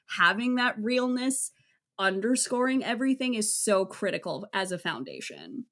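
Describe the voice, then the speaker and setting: A woman's voice: medium pitch, big pitch swings, normal speed, fairly bright tone. Chatty enthusiastic woman. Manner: enthusiastic, frank, swears casually. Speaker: guest film critic. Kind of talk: casual podcast chat.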